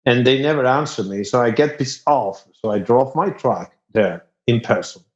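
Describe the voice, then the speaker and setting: A man from Spain with a thick Spanish accent, a guest musician telling stories casually, animated and laughing often. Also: mid-range voice, normal speed. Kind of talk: casual storytelling. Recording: echoey, dull sound.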